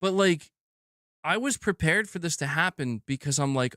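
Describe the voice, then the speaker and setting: Male gaming streamer, angry profane rant, lively swooping pitch, dry close sound. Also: moderate pace, no room sound. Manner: angry, profane, repetitive outbursts.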